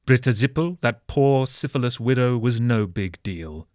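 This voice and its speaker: A man narrating a comedic history story with sardonic, deadpan asides. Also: medium pitch, moderate pace, dry recording.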